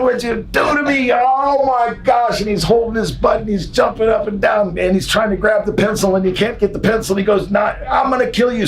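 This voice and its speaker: A man, a retired wrestler, telling a prank story in an animated way. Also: far from the mic, slight background noise, rough recording. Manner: animated, gets loud and high when excited. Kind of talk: storytelling anecdote.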